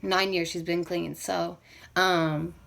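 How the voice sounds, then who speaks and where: A woman's voice: fairly low pitch, flat delivery, slow pace, vocal fry, fairly bright tone. Emotional young woman rambling through a story. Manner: rambling, full of fillers like "you know what I mean". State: emotional, near tears. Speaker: vlogger.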